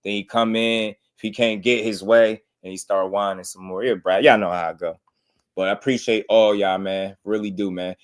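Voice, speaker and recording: A man's voice: fairly low pitch, steady tone, moderate pace. A man, hosting a casual boxing livestream and chatting loosely with his viewers. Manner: loose and talkative, slangy.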